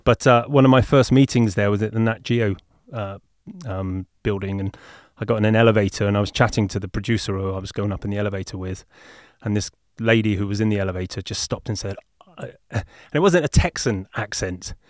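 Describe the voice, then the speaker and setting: A man's voice: lowish voice, fairly quick, few pauses, no room sound, studio quality. A man with an English accent hosting a podcast interview, chatty and jokey, often laughing. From England. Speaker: podcast host.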